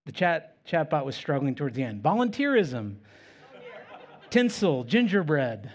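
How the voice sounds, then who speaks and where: A man's voice: a little high, big pitch swings, unhurried. A male pastor preaching a sermon in a conversational way with self-deprecating humor.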